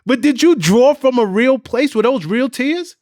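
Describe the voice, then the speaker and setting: A man interviews a guest with slow, earnest, probing questions and laughs often. His voice is high and lively, and the sound is dry and close. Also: no echo.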